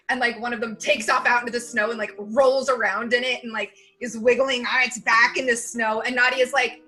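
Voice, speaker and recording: A woman's voice: on the high side, fairly even intonation, fairly quick, few pauses, sharp tone, faint music behind. A woman narrating as game master of a tabletop game, casual and chatty with fillers.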